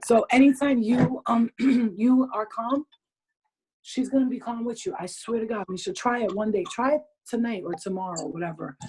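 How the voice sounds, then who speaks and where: A woman's voice: fairly high pitch, normal speed, darkish tone, husky, low-quality recording. A woman hosting a group video call, giving blunt advice in casual chat, swearing freely and laughing often.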